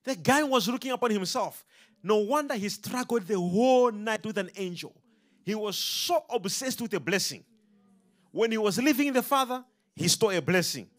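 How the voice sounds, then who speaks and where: Preaching to a congregation at a moderate pace, a high-voiced man delivers an animated sermon packed with call-and-response questions.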